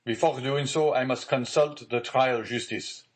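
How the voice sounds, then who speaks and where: A man's voice: medium pitch, animated, a little slow, voice pushed up, lightly acted. A man reading the part of a pale, frightened magistrate who gives urgent, tense orders. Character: pale frightened male magistrate, anxious, commanding.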